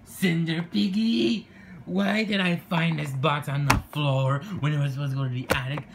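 A man's voice: a little high, fairly even intonation, normal speed, gravelly, crowd noise. A man voicing a strict, bossy head of the household who barks orders and scolds, in a homemade toy skit.

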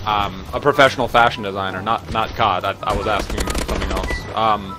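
Deadpan trolling young man on a headset. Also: on the low side, brisk, music in the background. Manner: deadpan trolling, lots of "dude" and swearing. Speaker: gaming channel host trolling players. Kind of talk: casual gameplay commentary with prank banter.

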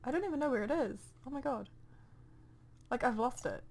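Talking fairly quickly with lively intonation in a high voice, a young New Zealand-accented woman rambles through casual gameplay commentary. She speaks into a desk mic at home and mutters to herself as she goes.

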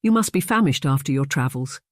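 The audiobook narrator voicing a cheerful young female housemaid who talks briskly and deferentially. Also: medium pitch, expressive, no echo, clean studio sound, lightly acted. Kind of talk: audiobook character voice.

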